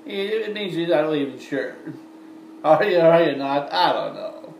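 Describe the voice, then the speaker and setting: Midwestern man, rambling casual vlog, a bit high-pitched, roomy echo, mic set back. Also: expressive, moderate pace, vocal fry, a little hiss or hum. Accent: Midwestern American. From American Midwest. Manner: rambling, chatty, addresses viewers as folks. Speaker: vlogger. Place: indoor room with lights. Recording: roomy echo, from far off, faint ambience.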